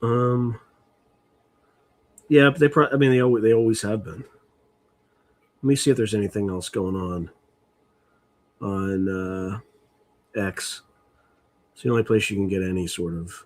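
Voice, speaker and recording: Low-voiced man rambling on a livestream. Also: fairly even intonation, a little slow, pauses often. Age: middle-aged. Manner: rambling, muttering while reading chat. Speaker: livestream host. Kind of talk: casual livestream chat.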